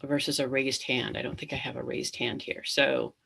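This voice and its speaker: A woman's voice: very deep voice, fairly even intonation, moderate pace, vocal fry, noisy background. A middle-aged woman hosting a live webinar, talking casually with many ums and restarts and acting out inner thoughts. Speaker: webinar host.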